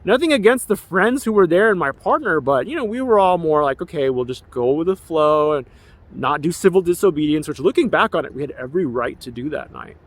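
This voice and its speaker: A man's voice: fairly high pitch, lively intonation, fairly quick. A man in his forties, an activist, delivering an emotional, rambling personal documentary monologue with an aggrieved tone. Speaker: activist and filmmaker.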